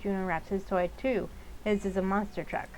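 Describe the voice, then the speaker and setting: A woman's voice: medium pitch, steady tone, moderate pace, darkish tone, rough recording. A woman playing a game, reading its text and rambling in casual, exasperated commentary. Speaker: game streamer. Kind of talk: casual let's-play commentary.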